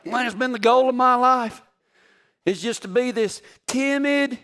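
A man's voice: very high voice, a little slow. A man, preaching a sermon through folksy, joking personal stories. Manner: folksy, joking, animated storytelling. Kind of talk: storytelling sermon.

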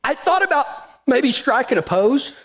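A middle-aged man preaching cowboy-style in a high voice. He drawls through a folksy story and laughs along with it, relaxed and plainspoken. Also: normal speed.

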